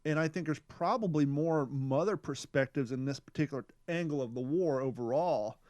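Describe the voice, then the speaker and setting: Smooth-voiced man thinking aloud on a podcast. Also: on the high side, normal speed, darkish tone, no room sound. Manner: thinking aloud, rambling, conversational. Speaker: podcast co-host. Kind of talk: casual podcast discussion.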